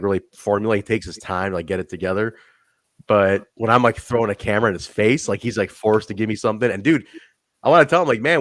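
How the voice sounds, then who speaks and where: A young man hosting a podcast, telling backstage stories in an animated, laughing, profanity-filled way. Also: lowish voice, no room sound. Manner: animated, swearing, laughing storyteller. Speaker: podcast host. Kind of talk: casual chat.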